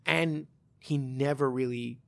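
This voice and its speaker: A man's voice: mid-range voice, fairly even intonation, slow, gravelly. A man co-hosting a casual podcast as a martial arts coach, rambling with lots of restarts and laughing easily. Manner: rambling, many restarts and fillers, laughs often.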